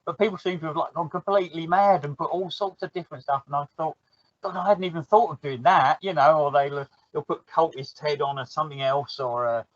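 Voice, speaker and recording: A man's voice: a little high, brisk, hardly any pauses, no echo, dull audio. A man with a South London accent, a guest chatting casually on a podcast about a hobby, laughing easily and acting out little quoted exchanges.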